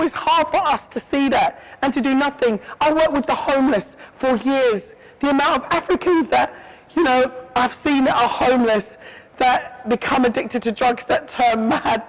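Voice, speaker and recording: Emphatic high-voiced woman from England. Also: low-quality recording. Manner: emphatic, repeats "yeah?" to check the listener. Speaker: interview guest. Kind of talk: emotional interview answers.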